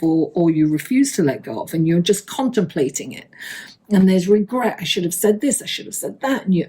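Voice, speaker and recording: A woman hosting a casual astrology and tarot reading, rambling into chatty stories, laughing often and offering gentle, encouraging advice to her viewers. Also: medium pitch, breathy edge. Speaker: astrology and tarot channel host. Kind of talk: casual horoscope reading to camera.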